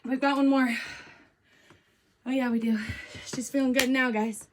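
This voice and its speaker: A woman with a high voice coaches a workout while doing it herself. She counts reps aloud between panting breaths and keeps things upbeat with little jokes. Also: steady tone, measured pace, background noise. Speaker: fitness coach. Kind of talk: workout instruction while exercising.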